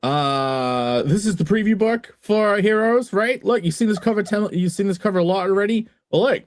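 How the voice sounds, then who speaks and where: A man's voice: high-pitched, moderate pace, dry recording, studio quality. A man co-hosting a live stream, playful and joking in a mock-serious way. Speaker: podcast co-host and comic artist. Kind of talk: casual chat on a live stream.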